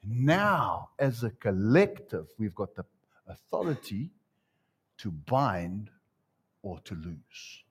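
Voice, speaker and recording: A man's voice: mid-range voice, takes it slowly, slightly rough. A man preaching a sermon to a congregation, telling stories and calling people up for a live demonstration. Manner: animated storytelling with live demonstration. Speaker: pastor. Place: church before a congregation.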